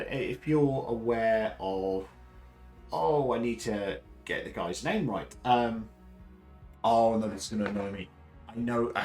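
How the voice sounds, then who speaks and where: A man from the south of England with a deep baritone voice, chatting casually and rambling with many fillers and restarts. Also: rough recording. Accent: Southern English. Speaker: host. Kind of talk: casual live chat.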